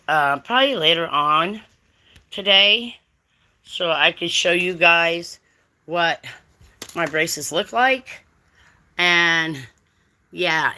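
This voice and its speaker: A woman's voice: on the low side, sharp tone. A middle-aged woman, chatting casually on a livestream and greeting viewers by name. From United States. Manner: chatty, drawling, talks to chat readers by name. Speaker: livestream host.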